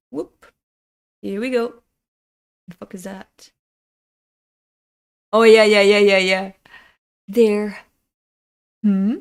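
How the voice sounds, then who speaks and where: A woman's voice: mid-range voice, steady tone, very slow, long pauses, clean tone. A woman reading a comic aloud in a chatty, casual way, laughing and swearing as she goes. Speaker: comic reader.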